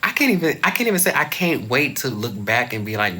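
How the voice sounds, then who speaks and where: With a moderate pace and hardly any pauses, a young vlogger chats casually into his camera. His expressive voice swings high and loud, then now and again drops to a soft whisper.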